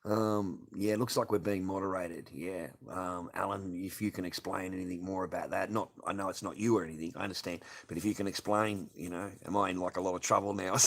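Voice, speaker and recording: Man, middle-aged, livestream host, sweary, sarcastic, slightly low voice. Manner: swears constantly, argumentative and sarcastic. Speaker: livestream host reading chat. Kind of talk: casual livestream chat.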